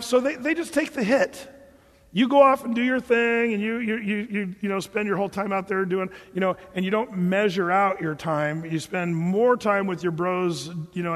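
A man preaching to a congregation of men, animated and emphatic, stumbling over and repeating his words as he pushes a point. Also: sits high, long reverb tail. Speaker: pastor and marriage counselor. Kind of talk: sermon.

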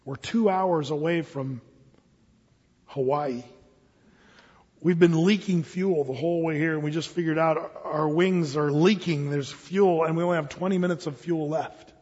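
A man's voice: a little slow, slightly rough, big-room sound, highs cut off. Grave worried captain, put on by a man preacher. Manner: low, hushed and urgent.

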